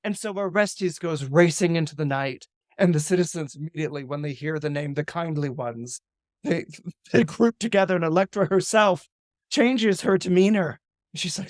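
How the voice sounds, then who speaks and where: A man, an astrologer guest on a podcast, retelling a Greek myth in a lively, dramatic way with casual asides. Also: a little high, moderate pace, no room sound, clean studio sound. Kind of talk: animated myth storytelling on a podcast.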